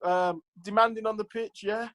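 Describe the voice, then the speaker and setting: A man's voice: high-pitched, fairly even intonation, moderate pace, a bit bright, poor audio. A man who is a former professional footballer, telling stories casually as an interview guest, with lots of "like" and "you know" and acted-out quotes.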